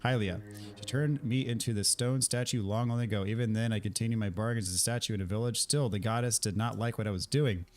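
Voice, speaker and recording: A man voicing a scheming, greedy male stone statue who deals in life and power, reading the lines aloud in a smooth bargaining manner. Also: on the low side, fairly even intonation, fast talker, dry recording, faint music behind, natural voice.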